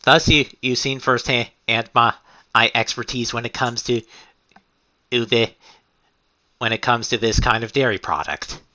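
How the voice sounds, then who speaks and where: A man chatting at a game table, halting and self-mocking. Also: mid-range voice, bright, forceful tone. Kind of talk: casual chat. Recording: slightly dull mic.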